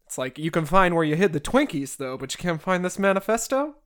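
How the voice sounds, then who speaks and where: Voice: medium pitch, very animated, fairly quick, a bit bright, smooth. Joking podcast host recapping a novel. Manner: joking, sarcastic asides. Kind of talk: comedic book recap.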